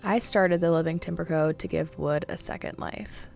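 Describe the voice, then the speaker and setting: A woman's voice: lowish voice, steady tone, normal speed, creaky, darkish tone, faint music behind. A woman woodworker narrating her build in a chatty, wry voice-over. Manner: wry and chatty, with dry jokes. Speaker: woodworker and channel host.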